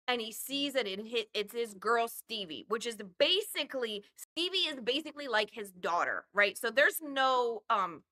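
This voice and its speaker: A woman hosting a podcast, casually retelling a movie plot with lots of swearing and acted-out voices. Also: on the high side. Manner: animated storytelling, acts out characters, swears freely. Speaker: podcast host. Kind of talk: casual movie review chat.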